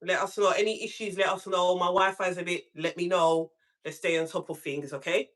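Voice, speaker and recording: A woman hosting a casual live call-in stream from home, telling a story in an animated way and acting out what people said. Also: brisk. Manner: animated storytelling, acts out quotes with big pitch jumps.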